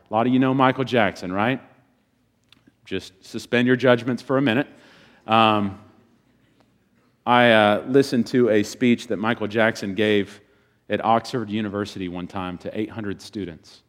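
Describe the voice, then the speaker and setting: A man preaching a sermon as a pastor, swinging between loud bursts and quiet, hushed passages. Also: fairly low pitch.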